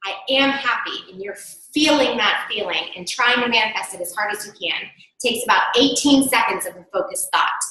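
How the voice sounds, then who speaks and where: A woman's voice: mid-range voice, moderate pace, sharp tone. A woman hosting a spiritual talk, an earnest medium coaching listeners and repeating key phrases. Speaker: psychic medium, host. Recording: very echoey room.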